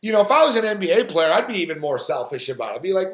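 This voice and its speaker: A man ranting on a sports live stream, swearing freely and acting out the people in his story. His voice sits a little high, and the room gives it a clear echo. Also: big pitch swings, fairly quick. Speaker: sports talk host. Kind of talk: profane live-stream rant.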